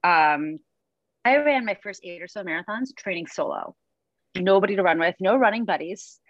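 A chatty woman tells stories in a loose, rambling way, laughing between thoughts and acting out what people said. Her voice sits in a middle pitch, recorded close and dry with slightly dull, muffled sound. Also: animated, moderate pace, no echo. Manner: chatty storyteller, laughs often, acts out quotes. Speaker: running coach and podcast host. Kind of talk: casual chat.

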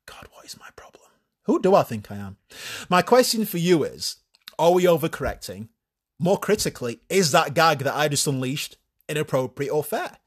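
A man's voice: fairly high pitch, fairly bright tone, breathy edge. A man hosting a solo podcast in a casual, crude way, swearing freely and mocking himself. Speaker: podcast host.

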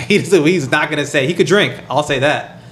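A man telling a story in casual chat, animated and profane, acting out what he and others said. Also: fairly high pitch, moderate pace, slight background noise. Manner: animated, profane, acts out quoted dialogue.

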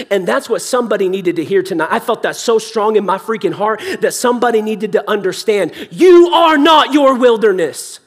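A man's voice: high-pitched, husky. A young adult man preaching a sermon in a church hall, impassioned yet conversational.

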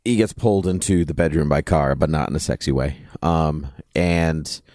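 A man's voice: extremely low pitch, moderate pace, a little mellow, no room sound. A man co-hosting a podcast, chatting casually through an episode recap with lots of ums and dry jokes. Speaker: podcast co-host.

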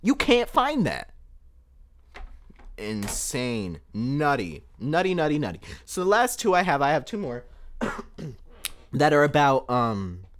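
A man hosting a solo podcast, talking in an excitable, emphatic way and repeating words for effect into a podcast microphone. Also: mid-range voice, slow pace, pauses often. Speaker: podcast host.

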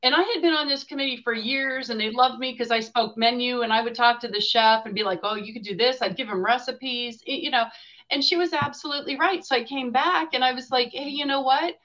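A woman guest entrepreneur telling a story in a chatty way, quick to laugh. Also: on the high side, pushed and bright, highs cut off. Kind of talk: casual storytelling on a video call.

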